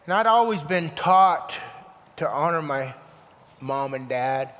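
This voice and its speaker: A man preaching a sermon, telling a personal story in an earnest, storytelling way that turns hushed and emotional, then leading a prayer. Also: fairly high pitch, animated, takes it slowly, big-room sound.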